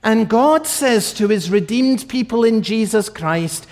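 A man preaching a sermon, slow and emphatic, repeating key phrases for weight. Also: sits high, lively intonation, darkish tone.

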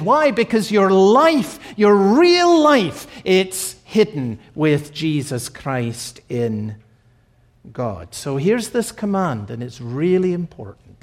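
A man preaching a sermon, slow and emphatic, repeating key phrases for weight. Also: fairly high pitch.

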